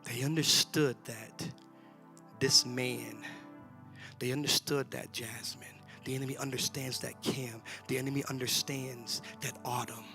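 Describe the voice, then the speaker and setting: Animated preacher, shouting then whispering. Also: male voice, medium pitch, a little slow, vocal fry, faint music behind. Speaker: pastor. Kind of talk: sermon. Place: church sanctuary.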